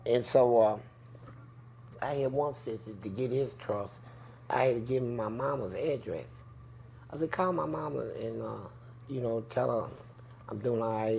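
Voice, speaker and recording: A man in an interview telling prison stories in a loud, profane way, acting out voices. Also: vocal fry, a little hiss or hum. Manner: profane, acts out voices with big pitch jumps. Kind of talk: animated storytelling.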